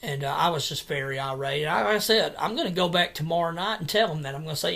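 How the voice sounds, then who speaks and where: A man in an angry personal vlog rant at home at night, agitated and repetitive, with halting restarts. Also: a little high, gravelly, a bit bright. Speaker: vlogger.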